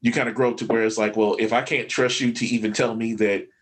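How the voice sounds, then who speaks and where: A man's voice: lowish voice, little pitch movement, quick pace, background noise. A man as a guest on a casual video-call chat, talking earnestly and thoughtfully about his son.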